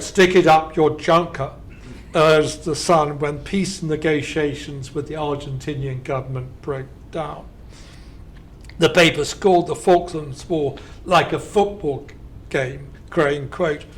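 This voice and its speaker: A man delivering a prepared academic keynote lecture, reading quoted headlines slowly and with emphasis and adding dry asides. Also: fairly high pitch, slight background noise. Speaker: keynote speaker. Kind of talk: academic lecture read from a script. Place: conference lecture hall.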